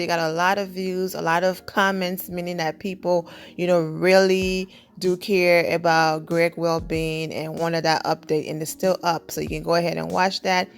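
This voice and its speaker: A woman's voice: on the low side, vocal fry, clear, resonant tone. A woman giving casual celebrity news commentary in a chatty style, often saying "you know".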